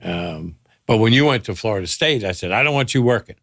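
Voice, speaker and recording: A man's voice: lowish voice, animated, brisk, a bit bright, no echo, clean studio sound. An older man, a father on a podcast, telling family stories casually and laughing through them.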